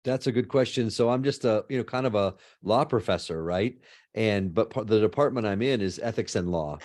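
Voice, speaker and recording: A middle-aged man, a law and ethics professor, answering interview questions in an animated storytelling way, often tagging "right?". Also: fairly low pitch, a little fast.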